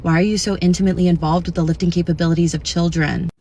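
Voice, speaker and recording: A woman's voice: lowish voice, fairly even intonation, rapid-fire, dark tone. A woman speaking to camera in a dry, sarcastic way. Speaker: fitness creator. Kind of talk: casual monologue to camera.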